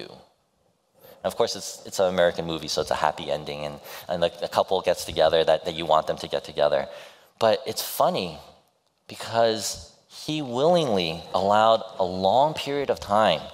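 A male pastor preaching a sermon, retelling a story in a halting, storytelling way with restarts. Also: sits low, long reverb tail.

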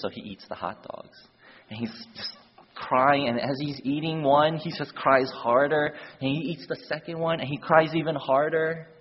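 A man preaching a sermon through an animated story, shifting voices for the characters and using casual fillers, recorded with dull lo-fi sound in a reverberant church hall. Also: medium pitch, breathy edge.

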